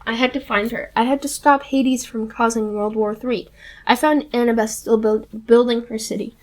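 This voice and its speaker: A woman reading a novel aloud in steady, plain first-person storytelling. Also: fairly high pitch. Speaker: audiobook reader.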